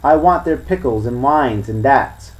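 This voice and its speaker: A man's voice: mid-range voice, animated, a little slow, close to an everyday voice, low-quality recording. A man reading the part of an impatient male pirate coxswain who growls his complaints. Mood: grumbling.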